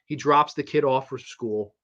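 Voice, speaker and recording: Brief: male podcast host, casual horror film review, animated and profane, middling pitch, dull lo-fi recording. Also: measured pace. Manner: animated, profane, rambling delivery.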